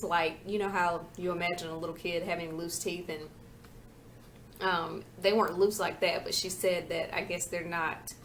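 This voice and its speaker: A woman's voice: fairly low pitch, a bit bright, slight background noise. A young adult woman vlogging from her living room floor, talking candidly and rambling, her speech a little slurred by a retainer. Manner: candid, rambling, venting with frank asides. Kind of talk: casual chat vlog.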